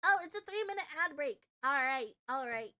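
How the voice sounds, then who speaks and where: Young female streamer, high bright voice, excitable and loud. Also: normal speed. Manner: excitable, swearing, loud outbursts. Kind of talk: live reaction stream.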